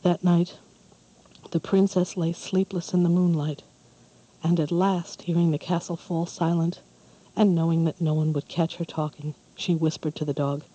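A storyteller giving a measured, calm scripted narration of a fairy tale. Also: mid-range voice, lo-fi sound.

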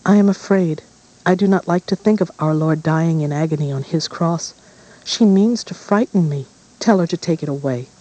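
A man's voice: sits high, sing-song, a little slow, warm tone, pitched above the performer's own voice, poor audio. A man voicing a pale, eerie young princess who whispers fearful complaints in a storybook reading.

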